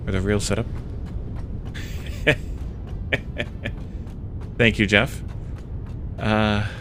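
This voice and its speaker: A man streaming a video game, chatting casually with viewers and thinking aloud as he plays. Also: fairly low pitch. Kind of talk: casual let's-play commentary.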